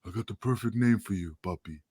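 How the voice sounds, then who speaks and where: A man imitating a gruff older male wrestling promoter who talks down to him and calls him kid. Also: fairly low pitch, brisk, dark tone, no room sound, clean studio sound. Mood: smug.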